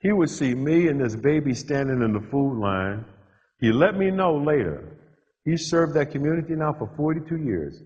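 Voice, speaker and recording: Husky man telling his story in a hall. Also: on the high side, sing-song, darkish tone. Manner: punchy short phrases with dramatic pauses. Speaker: motivational speaker. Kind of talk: storytelling keynote speech. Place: large hall with a live audience. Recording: dull lo-fi live hall recording.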